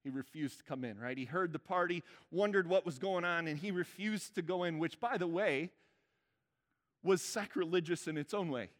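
A man with a slightly high voice speaks at an ordinary pace, preaching a sermon in a conversational style and frequently checking in with his congregation. The recording carries the reverb of a church hall.

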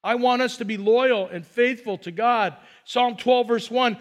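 High-pitched male pastor preaching, emphatic, keeps calling out to the congregation. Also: moderate pace, hardly any pauses, fairly bright tone. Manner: emphatic, repetitive call-and-response with the congregation. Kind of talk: sermon.

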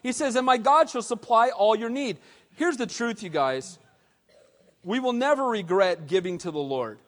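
Man preaching, high voice, casual animated delivery, long hall reverb. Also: normal speed. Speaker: pastor. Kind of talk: sermon.

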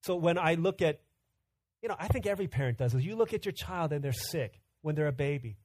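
A man in his thirties preaching a sermon, telling stories conversationally and swinging from loud urgent bursts to hushed quiet. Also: on the high side, lively intonation, fairly quick, dry recording. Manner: storytelling, conversational. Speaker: pastor.

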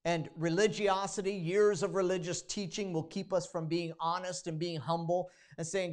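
A man's voice: high voice, level tone, normal speed, hardly any pauses, darkish tone. Guy preaching a sermon, casual and chatty, restarts a lot, acts out prayers. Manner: conversational with frequent restarts and dramatized prayers. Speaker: pastor.

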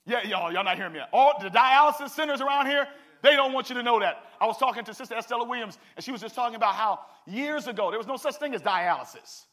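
Pastor, male, high bright voice, lively call-and-response preaching. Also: quick pace. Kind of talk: sermon.

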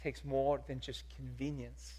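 A man preaching a sermon as pastor, emphatic and repetitive, asking rhetorical questions and swinging from soft to loud. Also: medium pitch, level tone, unhurried, husky.

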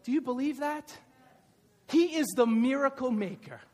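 A middle-aged male pastor preaching a lively sermon, shouting at the peaks and joking in playful asides. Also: very high-pitched, moderate pace. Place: church. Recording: reverberant church hall.

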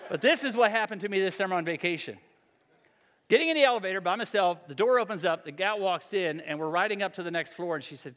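A man in his sixties preaching a sermon, telling stories about himself in a relaxed, conversational way. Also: high voice, a little fast. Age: 60s. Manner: conversational, self-deprecating storytelling. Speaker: pastor. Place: large church hall. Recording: long hall reverb.

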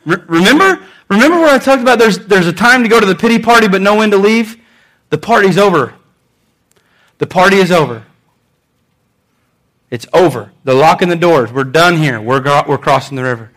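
A man with a high voice preaches a sermon with lots of energy. He swings between loud, emphatic lines and quieter ones, and he repeats his phrases to drive a point home. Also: lively intonation, a little fast, pauses often. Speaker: pastor.

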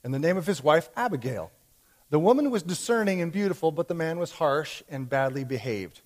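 A man's voice: on the high side, animated, fairly quick. A man preaching a sermon in a conversational way, with fillers and restarts as he explains a Bible story. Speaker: pastor.

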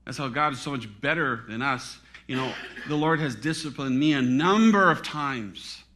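A middle-aged male pastor preaching a sermon, swinging between loud dramatic peaks and hushed, near-whispered drops. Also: medium pitch, normal speed, slight background noise.

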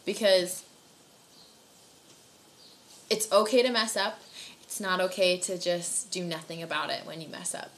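A young woman giving an earnest, encouraging devotional talk, casual and warm in manner with frequent fillers like "like". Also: lowish voice, measured pace, long pauses. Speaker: youth devotional speaker.

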